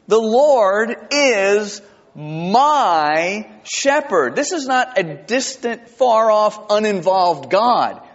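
A man from South Georgia, a pastor preaching a sermon with animated storytelling and lively shifts in pitch. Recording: reverberant hall, dull lo-fi sound.

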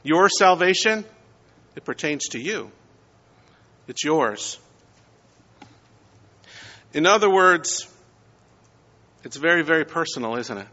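A male pastor delivering a Sunday sermon, preaching in measured phrases and rising to emphatic peaks on key words. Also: fairly high pitch, lively intonation, pushed and bright. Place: church sanctuary. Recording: dull sound with long church reverb.

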